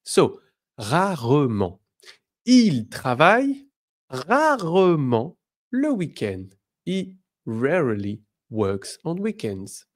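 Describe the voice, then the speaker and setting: A man from France with a French accent teaching an online lesson, upbeat and encouraging, saying his examples slowly and carefully. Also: medium pitch, big pitch swings.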